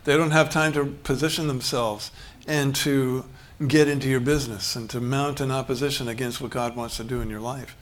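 A man's voice: mid-range voice, steady tone, moderate pace, hardly any pauses. A man preaching a sermon in a conversational way, acting out short bits of dialogue and chuckling as he goes. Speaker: pastor.

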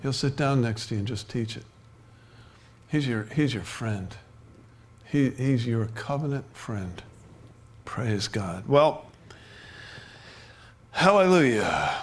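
A man preaching a sermon in a relaxed, conversational way, often restarting his sentences and chuckling between points. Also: mid-range voice, slow, pauses often. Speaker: pastor.

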